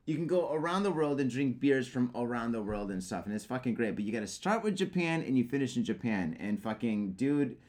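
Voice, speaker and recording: A man's voice: medium pitch, lively intonation, a little fast, few pauses, a little mellow. A man in his thirties co-hosting a podcast, chatting loosely and swearing a lot. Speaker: podcast co-host. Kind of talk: casual chat.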